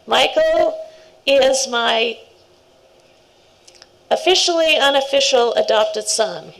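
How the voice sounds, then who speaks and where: A middle-aged woman speaks at a scout ceremony, warm and rambling, breaking into laughing asides. Her voice sits a little high and carries a gravelly fry. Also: lively intonation, slow, slight background noise, rough recording. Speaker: scout leader. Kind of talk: speech at a ceremony.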